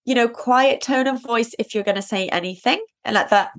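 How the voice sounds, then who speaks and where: Casting: woman in her thirties, fairly high voice, earnest and advising, filler-heavy casual chat. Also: fairly quick. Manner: earnest, advising, many "like" and "you know" fillers.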